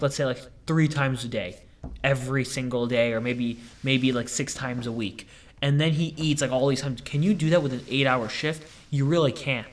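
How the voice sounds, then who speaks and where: A young man hosting a casual podcast, rambling through stories and acting out quotes in high voices. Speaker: podcast host.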